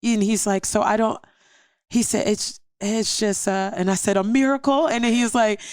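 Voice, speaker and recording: A middle-aged woman sharing a personal testimony as a podcast guest, animated and acting out the voices in her story. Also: medium pitch, normal speed, clean tone, no room sound, clean studio sound.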